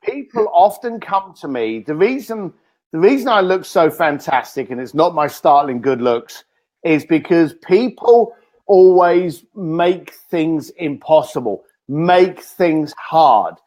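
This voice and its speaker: Lively high-voiced man telling stories. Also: slow. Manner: energetic storyteller, acts out quoted lines. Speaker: guest author. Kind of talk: animated interview talk.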